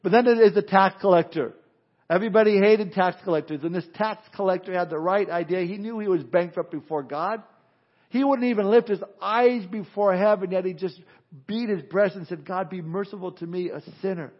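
Teaching his way through a book of the Bible, a high-voiced preacher delivers a conversational sermon at normal speed. He's plain-spoken and emphatic, mimicking people for effect, and the recording is dull and lo-fi.

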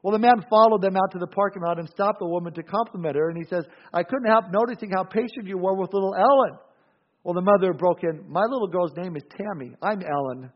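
A man's voice: sits high, quick pace. A man preaching a sermon as pastor, telling anecdotes with dry humor and often restarting words. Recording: dull lo-fi sound.

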